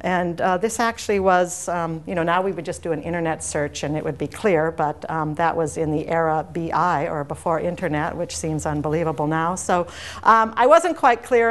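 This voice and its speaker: A woman's voice: fairly low pitch, brisk, a bit bright. Woman giving a discursive academic lecture. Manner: discursive, anecdotal and digressive. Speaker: university lecturer. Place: lecture room with an audience.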